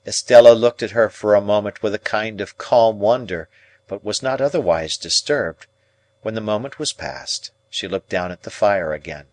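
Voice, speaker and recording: A man narrating a classic novel as an audiobook, in an unhurried, expressive storytelling manner. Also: fairly low pitch, dry recording.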